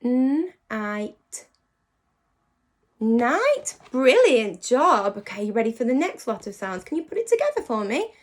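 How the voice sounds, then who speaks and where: A woman teacher giving a phonics lesson to young children. She praises them often and slows down to sound out words. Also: fairly high pitch. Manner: animated and encouraging, praising often.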